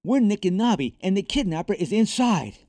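A man voicing a brave young boy in a storybook reading, raising his voice high and urgent. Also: lively intonation, normal speed, darkish tone, no room sound, studio quality, close to an everyday voice.

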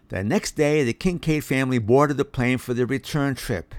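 A man's voice: mid-range voice, moderate pace, no echo. A man narrating a children's storybook, reading expressively into a close mic. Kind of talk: audiobook narration.

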